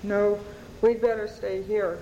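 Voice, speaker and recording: A woman's voice: medium pitch, little pitch movement, takes it slowly, mellow, long reverb tail, lo-fi sound, slight background noise. A woman voicing a frightened, stubborn little girl who pleads insistently, while reading her novel aloud. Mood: pleading.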